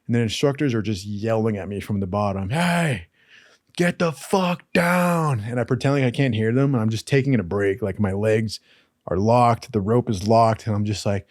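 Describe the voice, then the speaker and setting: A man's voice: fairly low pitch, a little fast, darkish tone, dry recording, studio quality. Profane man telling rambling stories. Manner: profane, rambling anecdotes with acted quotes. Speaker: storyteller. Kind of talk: casual storytelling.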